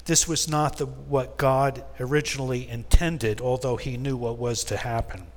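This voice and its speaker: Man, mid-pitched, Bible study leader reading and explaining scripture, long reverb of a church hall. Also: fairly even intonation, normal speed. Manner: reads scripture aloud and explains it with casual asides.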